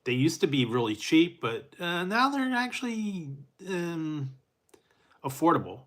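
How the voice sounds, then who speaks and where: A man's voice: a little high, big pitch swings, measured pace, fairly bright tone. A middle-aged man hosting a casual chat with his live viewers, rambling in a laid-back way with frequent chuckles and fillers. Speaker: food reviewer.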